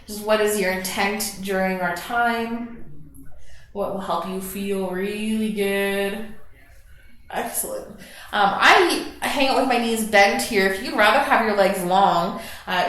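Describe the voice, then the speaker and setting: A woman leading a gentle yoga class, slowly and softly talking students through breathing and stretches. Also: medium pitch. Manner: soft, slow guiding cues with gentle encouragement. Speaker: yoga instructor. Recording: very echoey room.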